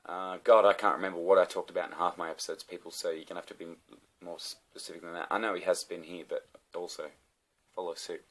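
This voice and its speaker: Australian male vlogger, very deep voice, loose sweary rambling rant. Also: fairly bright tone. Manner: swearing, ranting, rambling with many fillers. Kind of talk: casual rant to camera.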